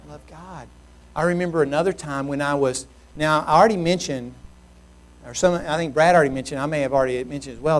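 A male pastor preaching a sermon, telling a personal story in an animated, humorous, self-mocking way. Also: a little high.

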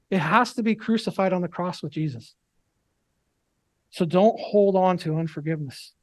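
Male preacher, high voice, earnest emphatic delivery, dry close sound. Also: no echo. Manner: earnest, emphatic preaching with slow scripture reading. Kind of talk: sermon.

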